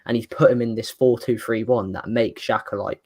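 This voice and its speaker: Man, average pitch, rambling, casual podcast chat. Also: steady tone, brisk, a little mellow. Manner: rambling, full of likes. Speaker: co-host.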